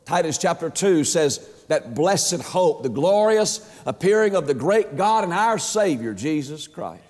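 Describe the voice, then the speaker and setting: A man preaching an emphatic sermon as a pastor, stretching words and swinging his pitch up and down. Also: very animated, measured pace, darkish tone. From Georgia, USA. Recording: long hall reverb.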